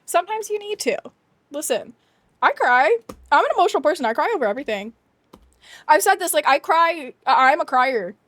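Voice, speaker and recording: Brisk and full of lively intonation, a young woman talks to her stream audience in a high, bright voice, pausing often. Recorded dry and close without room sound, she laughs frequently, speaks animatedly, and rants with emphasis.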